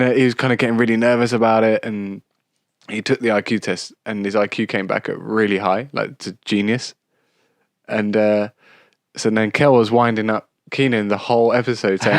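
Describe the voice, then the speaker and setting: A man co-hosting a podcast in casual chat, hesitant with many pauses as he recalls old episodes. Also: fairly low pitch, dry recording, studio quality. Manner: hesitant, many fillers and restarts while recalling. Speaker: podcast co-host.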